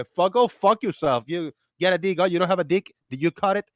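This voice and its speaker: A man's voice: on the high side, brisk, hardly any pauses, a bit bright, no room sound, studio quality. A man hosting a casual live voice chat, ranting, swearing freely and often breaking into laughter, heard through an online call. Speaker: host.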